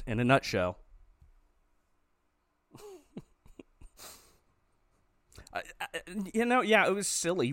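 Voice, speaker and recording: A man's voice: mid-range voice, fairly bright tone, no echo, clean studio sound. A man hosting a podcast in casual chat, with a wry, sarcastic manner. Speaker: podcast host.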